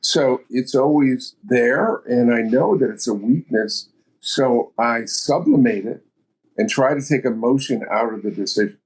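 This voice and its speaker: Interviewed on a podcast, a seventy-something entrepreneur speaks plainly and bluntly as he tells his stories. His mid-range voice is darkish and slightly rough, and he talks a little slowly.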